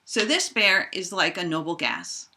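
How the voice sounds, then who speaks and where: Lively, bright-voiced woman teaching chemistry. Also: unhurried. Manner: animated, acts out toy bears in squeaky voices. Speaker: high school chemistry teacher. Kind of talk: playful classroom lesson with toys.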